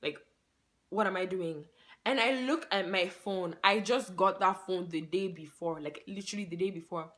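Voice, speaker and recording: A woman telling a story on her vlog in a casual, excitable way, laughing along and saying "like" in nearly every phrase. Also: lowish voice. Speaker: vlogger.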